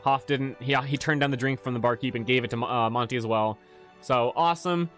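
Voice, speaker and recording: Rambling, profane game master. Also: male voice, mid-range voice, a little fast, a bit bright, faint music behind. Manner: rambling, profane, frequent restarts. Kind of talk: casual livestream chat.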